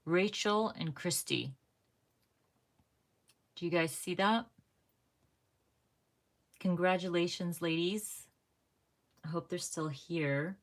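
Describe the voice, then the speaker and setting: Low-voiced chatty woman live-streaming crafts. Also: takes it slowly, pauses often. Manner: chatty, laughs often, voice jumps up when excited. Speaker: craft channel host. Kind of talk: casual live-stream chat while crafting. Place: home craft room.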